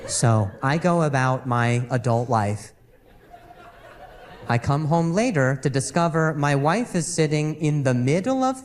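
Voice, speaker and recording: A medium-pitched man performs stand-up comedy live, his halting delivery marked by repeated words and hums between phrases. A little hiss or hum can be heard.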